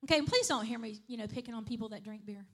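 A woman's voice: a little high, racing. A woman preaching a sermon in a conversational way, often checking in with the congregation. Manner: conversational, repeats "right?" and "okay?" to the congregation.

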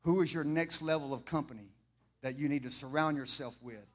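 Preacher guy, high voice, gets loud and fired up, repeats himself. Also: fairly quick. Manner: impassioned preaching, builds to shouting, repeats lines. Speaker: pastor. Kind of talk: sermon.

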